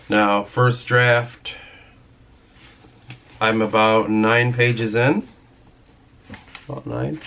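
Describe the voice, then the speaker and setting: A man of average pitch rants casually to his camera, rambling through his thoughts and swearing freely. He sounds frustrated but keeps talking in a loose, conversational flow. A faint ambient hum sits behind his voice. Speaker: vlogger and writer. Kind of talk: casual ranting vlog.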